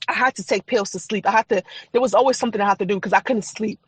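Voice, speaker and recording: A woman's voice: medium pitch, very fast, husky, dry recording. Fervent woman giving her faith testimony. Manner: emphatic and repetitive, testifying with fervor. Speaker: podcast guest, faith and trauma coach. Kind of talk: emotional personal testimony in a podcast interview.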